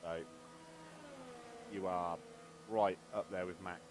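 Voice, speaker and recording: A man's voice: deep voice, level tone, takes it slowly. A man streaming a co-op racing game, chatting casually, joking and swearing freely as he tells stories between laps. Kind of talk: casual gaming banter.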